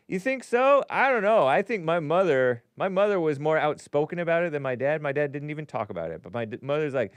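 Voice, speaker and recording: A man's voice: fairly high pitch, sing-song, fairly quick, hardly any pauses, clear, resonant tone, no echo. A man hosting a call-in talk show, musing aloud in a wry way and often trailing off.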